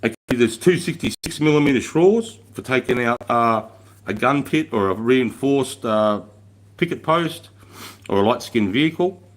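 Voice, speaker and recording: A man's voice: medium pitch, lively intonation, moderate pace. An Australian army veteran hosting a casual live stream, talking bluntly with plenty of swearing and stumbling restarts as he answers viewers' questions. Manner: blunt, heavy swearing, repeats and restarts words; reads out and answers viewer chat. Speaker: livestream host, army veteran.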